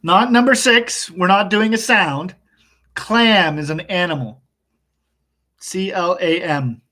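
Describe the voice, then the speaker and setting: A male English teacher giving an online class, explaining slowly and patiently and chuckling often. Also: sits high, sharp tone.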